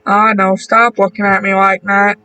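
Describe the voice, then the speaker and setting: A man voicing a weary, drunk man with a hoarse voice and blunt, brash talk. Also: high voice, flat delivery, moderate pace, pushed and bright, soft background music, poor audio. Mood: gruff.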